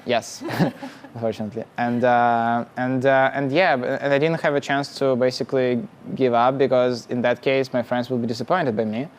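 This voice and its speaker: A young man from Russia, a startup founder telling his story casually in halting, English. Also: medium pitch, fairly even intonation. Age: young adult. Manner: halting, many restarts and laughs, plain non-native phrasing.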